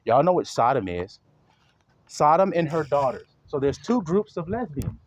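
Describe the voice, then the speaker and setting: Confrontational man preaching with a lively pitch. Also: a little hiss or hum. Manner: profane, confrontational, lecturing; slows down to read verses aloud. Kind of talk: sermon reading scripture. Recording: dull lo-fi recording.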